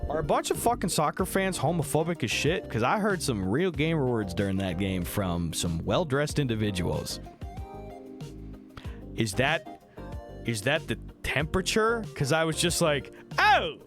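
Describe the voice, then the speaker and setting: A man hosting a livestream in casual chat, telling stories in an excitable, profane way. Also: mid-range voice, moderate pace. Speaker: livestream host. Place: home streaming room. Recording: music playing behind.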